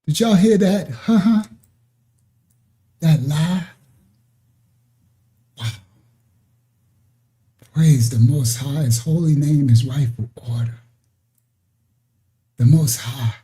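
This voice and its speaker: A man hosts a ministry livestream, chatting loosely as he shares his screen before turning to exhorting preaching. His voice sits high for a man, with a mellow, soft-edged tone. He repeats himself often as he talks. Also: lively intonation, drawn-out words, pauses often. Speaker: ministry host.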